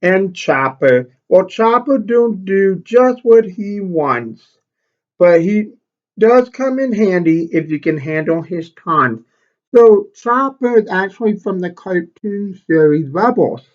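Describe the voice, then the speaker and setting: On a muffled recording, a high-pitched male elementary teacher reads a picture book to children at a slow pace. He's expressive and breaks off to explain what the pictures show.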